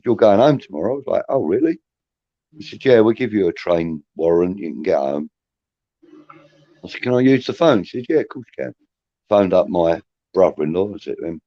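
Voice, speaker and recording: Co-host, man in his fifties, dark mellow voice, chatty storyteller, lo-fi sound. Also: lowish voice, no echo. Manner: rambling, cheeky anecdotes with lots of "you know what I mean". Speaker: podcast co-host. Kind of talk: casual storytelling chat. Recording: dull lo-fi sound.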